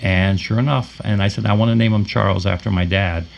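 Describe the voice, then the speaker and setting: A man co-hosting a paranormal podcast, telling a personal story in a halting way with many fillers and restarts. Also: lowish voice, steady tone, creaky, a little hiss or hum. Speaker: podcast co-host. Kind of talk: casual storytelling.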